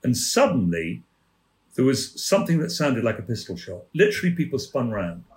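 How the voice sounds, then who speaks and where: A man from England, a former theatre manager, telling lively backstage anecdotes as a podcast guest and acting out the voices in his stories. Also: medium pitch, normal speed. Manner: lively raconteur, acts out quoted voices. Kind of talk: anecdotal storytelling. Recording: roomy echo.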